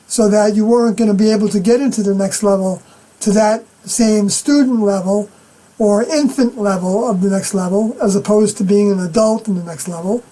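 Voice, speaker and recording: A middle-aged woman giving an unscripted scripture commentary as a personal testimony, halting and often clearing her throat. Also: mid-range voice, mellow, low-quality recording.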